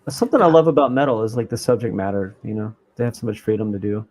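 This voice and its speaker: A man's voice: on the low side, lively intonation, very fast, a little mellow. A male game designer guest chatting in a laid-back way over a video call. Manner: laid-back, brief interjections. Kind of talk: casual chat.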